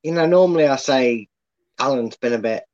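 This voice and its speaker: A man's voice: medium pitch, fairly quick, darkish tone, dry recording, dull audio. A man giving his views as a guest on a casual live stream, rambling and restarting often. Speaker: guest pundit.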